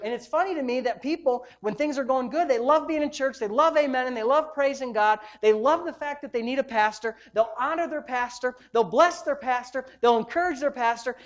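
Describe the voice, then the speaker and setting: A woman pastor with a fairly high voice preaches a sermon emphatically, firing rhetorical questions at her congregation.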